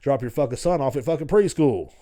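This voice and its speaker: A man's voice: medium pitch, animated, quick pace, mellow, natural voice. A man doing a vengeful good-vibes fanatic. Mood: menacing. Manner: ranting, profane. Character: vindictive "good vibes" person threatening revenge.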